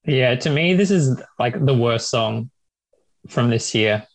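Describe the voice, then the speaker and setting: A man speaks bluntly as a panel guest, dropping "like" into nearly every phrase. The recording is dry and close, and his pitch sits in the middle. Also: expressive, slow, no echo. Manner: blunt, leans on filler "like". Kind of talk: casual panel chat.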